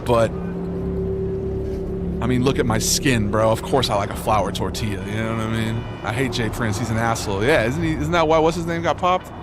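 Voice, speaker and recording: A laid-back young man streams and chats with his viewers in an easy, slangy way, tossing "bro" and "dog" around. Loud music from the game runs under his voice the whole time. His pitch sits in an ordinary middle range. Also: fairly quick. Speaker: live streamer. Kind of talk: casual chat with live viewers. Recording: music playing loudly underneath. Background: game music playing under the voice.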